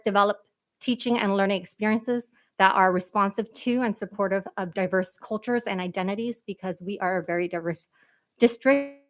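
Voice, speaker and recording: A woman's voice: mid-range voice, a bit bright. A woman presenting as a school district's equity director at a board meeting, earnest and emphatic, with frequent fillers.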